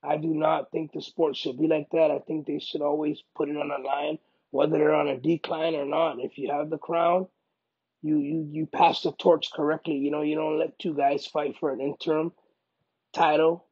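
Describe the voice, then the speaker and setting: A man with a gravelly, husky voice, pitched a bit high for a man, speaking in a casual interview. He is an emphatic professional fighter who circles back and repeats his points. The audio is dull and lo-fi. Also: normal speed. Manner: animated, emphatic, repeats himself. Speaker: MMA fighter.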